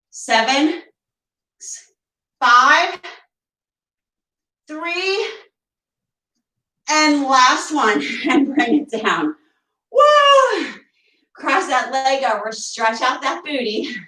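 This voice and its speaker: A woman's voice: sits high, fairly bright tone, roomy sound, distant mic, low-quality recording. A woman teaching a barre workout at home, counting reps and cheering her class on, a little out of breath. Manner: encouraging, counting reps, chatty asides. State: slightly out of breath. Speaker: fitness instructor. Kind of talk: guided workout instruction. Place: room at home.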